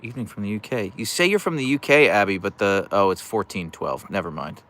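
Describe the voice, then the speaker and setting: A man's voice: lowish voice, brisk, a bit bright. A man hosting a casual livestream from his couch at home, reading out viewer comments and joking with them. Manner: chatty, joking, reads viewer comments aloud. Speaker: livestream host, dog owner.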